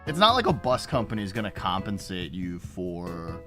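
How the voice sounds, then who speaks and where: A man's voice: sits low, big pitch swings, moderate pace, music in the background. A man streaming and chatting casually with viewers, rambling with frequent restarts and plenty of swearing. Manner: rambling, profane, self-interrupting.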